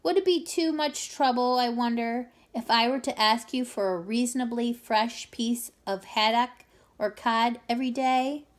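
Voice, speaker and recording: A woman's voice: a little high, a little slow, close to an everyday voice. A woman voicing a nervous polite pelican. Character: anxious polite male pelican.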